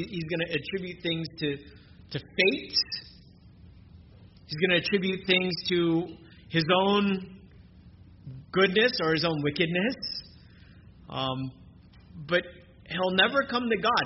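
Pastor, man, earnest sermon delivery, slightly high voice, dull noisy recording. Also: measured pace, pauses often. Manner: earnest preaching, swings between soft and emphatic.

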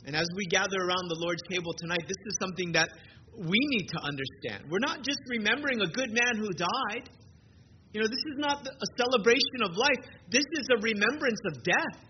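A male pastor preaching an earnest, emphatic sermon at an evening church service, slowing down to stress key phrases. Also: high voice, expressive. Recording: dull lo-fi with clear hiss.

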